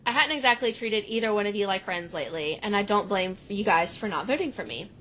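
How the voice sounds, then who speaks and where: A woman voicing a remorseful teenage girl student candidate, quoted quietly and quickly. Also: mid-range voice, a little hiss or hum, natural voice, low-quality recording. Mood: rueful.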